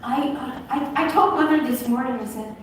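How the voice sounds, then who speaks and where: Woman guest, gushing, emotional storyteller; high voice, distant mic in a noisy echoing hall. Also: moderate pace. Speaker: guest on stage. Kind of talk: live stage conversation. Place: large venue with audience. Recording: echoey hall from far off, noisy.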